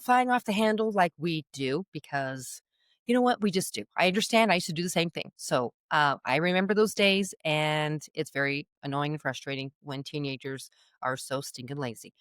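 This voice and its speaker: A middle-aged woman giving parenting advice straight to camera in a chatty, animated way, checking in with her listeners again and again. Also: on the low side, no echo, clean studio sound. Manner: animated, chatty, keeps checking in with "okay?" and "all right?". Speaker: parenting coach. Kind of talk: direct-to-camera advice talk.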